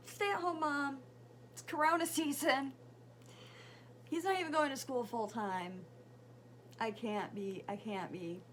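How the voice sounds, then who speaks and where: Chatty bright-voiced stay-at-home mom vlogger. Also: female voice, a little high, a little hiss or hum. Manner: chatty, animated retelling, swearing freely. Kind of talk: casual get-ready-with-me storytelling.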